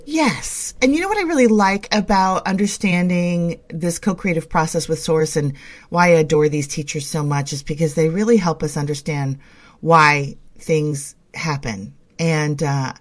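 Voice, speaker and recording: A woman's voice: low voice, normal speed. A woman co-hosting a spiritual internet radio show, chatting in a bubbly, gushing way and laughing often. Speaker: podcast co-host. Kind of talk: casual spiritual chat.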